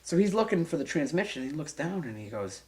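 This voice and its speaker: A young man being interviewed, telling a casual, animated and profane anecdote and acting out the voices of the people in it. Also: fairly high pitch, fairly quick. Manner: animated, profane, acts out voices and sound effects.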